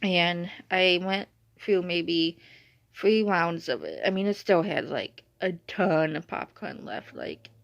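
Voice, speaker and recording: A woman's voice: on the low side, expressive, slow, creaky, no room sound. A young woman vlogging in casual chatty storytelling, rambling and saying "like" constantly. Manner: rambling, uses "like" a lot. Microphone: phone or device screen. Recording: dull lo-fi sound.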